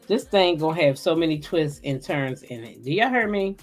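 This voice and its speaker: A woman's voice: sits low, animated, normal speed, few pauses, soft background music. A woman hosting a casual livestream recap, chatting loosely, greeting viewers by name and cursing freely. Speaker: host.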